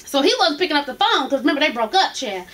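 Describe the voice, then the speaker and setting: A young woman dishes on reality TV. Her voice is high and bright, and she stays brash and profane, breaking into laughter often. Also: animated, fast. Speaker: reality TV recap vlogger. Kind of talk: casual gossip review.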